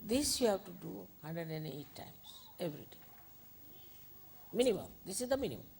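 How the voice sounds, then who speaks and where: A woman spiritual teacher, giving an informal, unhurried talk with gentle asides. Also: fairly low pitch, lively intonation, gravelly, slightly rough.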